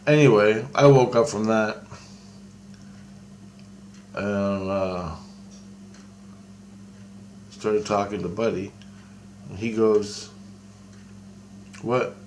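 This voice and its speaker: A man's voice: fairly low pitch, very slow, long pauses, a little mellow, slight background noise. A man telling a long rambling story in casual talk, often restarting and acting out both sides of a conversation. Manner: rambling, with many restarts and quoted dialogue.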